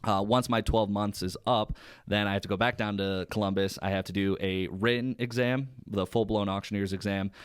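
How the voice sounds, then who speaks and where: A man in his twenties chats quickly and casually as an interview guest, with a slightly low, crisp and smooth voice. He fills his talk with ums and now and then rattles off rapid auction-chant runs. The sound is dry and close. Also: fairly even intonation, dry recording. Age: 20s. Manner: fast, filler-heavy talk with quick auction-chant bursts.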